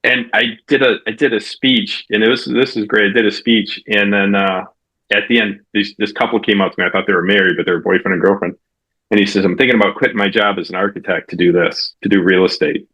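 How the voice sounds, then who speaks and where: A man's voice: lowish voice, fairly even intonation, pushed and bright, poor audio. A man hosting a business podcast and telling stories casually, acting out the quoted dialogue. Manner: fast storytelling with quoted dialogue. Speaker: podcast host, real estate coach. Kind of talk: casual interview chat.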